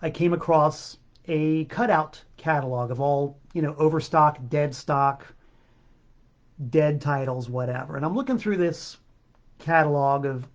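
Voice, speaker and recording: A man hosts his own show in a slow, rambling monologue, his voice a touch high and his throat a little choked up. He drifts from aside to aside in a chatty way. The recording sounds dull and lo-fi. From South Florida. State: a bit choked up, clearing throat. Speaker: podcast host and record seller. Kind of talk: casual solo monologue.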